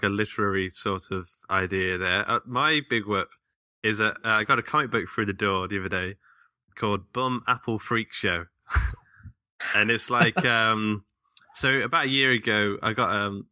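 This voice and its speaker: A man's voice: fairly low pitch, moderate pace, bright, forceful tone, no echo, studio quality. A British man hosting a podcast in a chatty way, laughing easily as he talks. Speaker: podcast host. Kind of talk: casual podcast chat.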